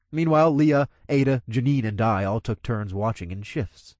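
A man narrating an audiobook in the first person, with an expressive delivery. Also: on the low side, dry recording, clean studio sound.

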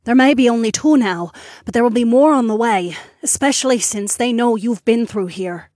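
Sorsha, a man doing a high anxious young woman. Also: moderate pace, darkish tone, dry recording, clean studio sound. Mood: worried. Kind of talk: audiobook narration.

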